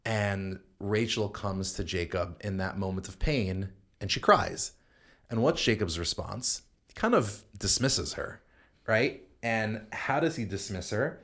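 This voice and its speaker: A man's voice: lowish voice, animated, a little slow, fairly bright tone. A man, a rabbi, explaining Bible passages in a podcast discussion, quoting Hebrew verses and often restarting his sentences. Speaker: rabbi co-host explaining scripture.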